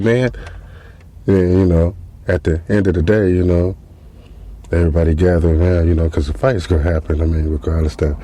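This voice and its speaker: A man's voice: sits low, mellow. A man hosting a podcast, telling a comic story in a casual, profane, rambling way with lots of fillers. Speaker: podcast host. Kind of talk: comedic storytelling monologue.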